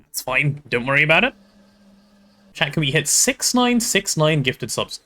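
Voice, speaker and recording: A man chatting casually while playing on a game stream, talking to his chat and thinking out loud. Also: on the high side, sing-song, moderate pace.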